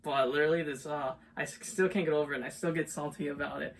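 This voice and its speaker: A man's voice: on the high side, steady tone, fast talker, vocal fry. Young guy rambling thru a story, lots of "like", kinda far from the mic w faint hiss. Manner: rambling storyteller, full of "like" fillers. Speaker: podcast co-host. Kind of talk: casual chat. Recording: distant mic, faint background noise.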